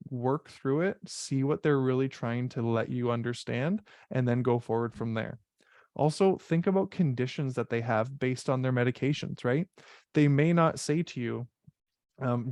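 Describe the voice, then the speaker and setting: A man's voice: mid-range voice, moderate pace, darkish tone, no room sound. Direct, coaching male exam instructor, dry sound. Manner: direct, coaching, repeats "right?" to check in. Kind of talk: online info session teaching.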